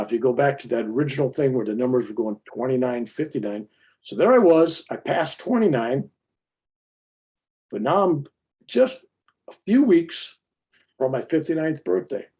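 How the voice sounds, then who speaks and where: A man in his fifties with a mellow, relaxed tone tells a personal story to an audience. He acts out the dialogue as he goes, and his voice comes through a video call. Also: medium pitch, moderate pace. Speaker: speaker.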